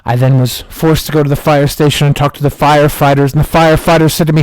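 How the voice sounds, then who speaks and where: A man streaming who tells a comic story with mock-dramatic, slow deadpan delivery. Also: fairly high pitch, no echo.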